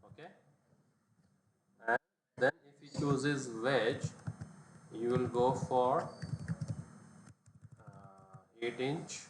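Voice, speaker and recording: A man's voice: mid-range voice, fairly even intonation, very slow, pauses often. A man teaching a live online programming lesson, explaining step by step and often checking that students follow. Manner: explains step by step, checks understanding with tag questions. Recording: echoey, distant mic, background noise.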